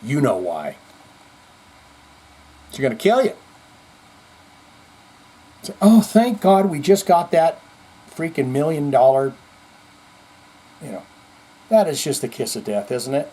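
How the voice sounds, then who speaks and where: A man's voice: mid-range voice, animated, unhurried, long pauses, dark tone, husky. A male show host telling jokes and rambling through a casual, profane comedy monologue. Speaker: podcast host.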